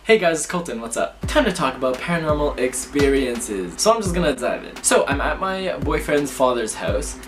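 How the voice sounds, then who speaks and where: A young man telling spooky personal stories to camera in a lively, chatty way. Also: on the high side, moderate pace, few pauses, background noise. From Canada. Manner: lively, chatty, acts out his reactions, laughs often. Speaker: vlogger. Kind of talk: casual storytelling to camera. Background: background music.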